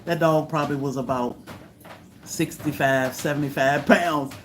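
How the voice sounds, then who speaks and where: A woman, hosting a casual livestream and telling stories in a lively way, jumping up high and loud when she acts out what people said. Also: measured pace, a little hiss or hum. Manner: animated, acts out quotes with high loud bursts. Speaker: homestead channel host.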